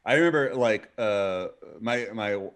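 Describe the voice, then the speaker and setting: A man's voice: lowish voice, measured pace. A man, a comedy stream co-host, telling a story casually and acting out what people said. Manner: animated, acts out what people said.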